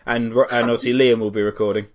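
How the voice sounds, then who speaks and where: A man's voice: mid-range voice, level tone, quick pace, crowd noise. A man hosting a podcast, asking questions in a hesitant, filler-heavy casual chat. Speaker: podcast host. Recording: dull lo-fi audio.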